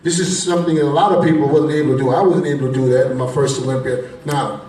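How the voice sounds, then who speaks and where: A man's voice: fairly high pitch, fairly even intonation, fast talker, dark tone. A male interviewer asking athletes long, probing questions at a press conference. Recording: echoey room, distant mic.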